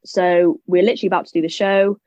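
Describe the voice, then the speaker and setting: A woman's voice: fairly low pitch, little pitch movement, a little mellow, no echo. Young woman telling a story on a podcast, lots of "like" and "literally", kinda muffled dry audio. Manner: chatty storytelling, quick asides, many "like" and "literally" fillers. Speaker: guest. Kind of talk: casual interview chat.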